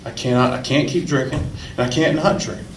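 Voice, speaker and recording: A brisk man with a medium-pitched voice tells his personal recovery story to a meeting, speaking earnestly and emotionally and repeating phrases for emphasis. The room is echoey, with slight background noise.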